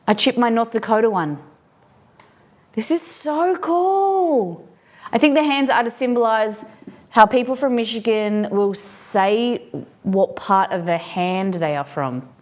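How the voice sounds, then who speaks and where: A woman's voice: mid-range voice, measured pace. A woman streaming live, chatting casually with her viewers as she looks over a collection, curious and full of questions. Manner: curious, asks many questions, excited exclamations. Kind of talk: casual unboxing chat with viewers.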